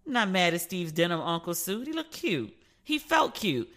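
A woman with a fairly low voice hosts a podcast at a moderate pace, sassy and playful. She swaps casual chat and gossip commentary, telling animated stories and acting out the people she quotes.

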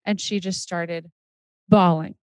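A woman co-hosting a casual chat who tells quick anecdotes and laughs along. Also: fairly low pitch, fairly even intonation, darkish tone, no room sound. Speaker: podcast co-host.

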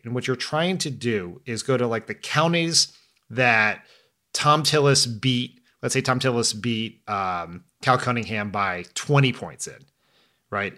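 A man co-hosting a podcast, talking politics in a fast, emphatic and animated way. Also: medium pitch. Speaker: podcast co-host. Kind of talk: casual political chat.

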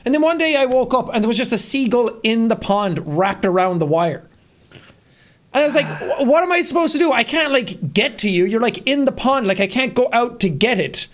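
A man's voice: extremely high pitch, lively intonation, a little fast. A young man co-hosting a podcast in casual chat, joking and laughing a lot. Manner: laughing, jokey, slips into silly voices. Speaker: podcast co-host.

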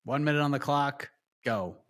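A man's voice: mid-range voice, moderate pace, fairly bright tone, soft background music. A man hosting a panel show, putting questions to guests in a playful quizmaster way. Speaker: host. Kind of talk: game-style panel hosting.

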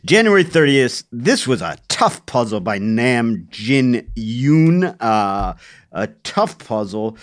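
A man's voice: mid-range voice, very animated, slow pace. A man co-hosting a podcast, chatting casually and playfully, laughing often and going off on joking tangents. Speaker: podcast co-host. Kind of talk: casual comedic banter.

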